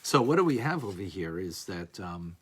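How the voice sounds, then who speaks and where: A man teaching a lively class on a religious text, asking "right?" often and acting out examples. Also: low-pitched, moderate pace, breathy edge. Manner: animated, playful, acts out examples, frequent "right?". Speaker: Torah teacher.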